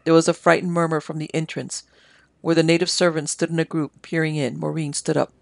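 An audiobook narrator reading a story in a measured, dramatic way. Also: medium pitch, little pitch movement, gravelly, no echo. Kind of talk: scripted narration.

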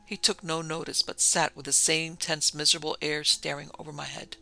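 A man narrating a classic story as an audiobook, measured and even. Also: fairly high pitch, creaky, faint music behind, low-quality recording.

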